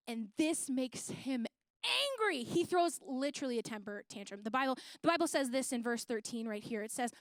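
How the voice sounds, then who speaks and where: A woman's voice: high voice, lively intonation, normal speed, no room sound. A young woman giving a playful, slangy youth sermon, retelling a Bible story in casual terms. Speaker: youth speaker.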